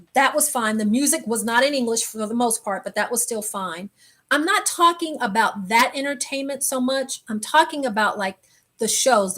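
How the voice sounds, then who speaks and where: A woman hosting a travel live stream, telling a story casually and animatedly, acting out what people said. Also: fairly high pitch. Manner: animated, exclaims and acts out quotes. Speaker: travel channel host.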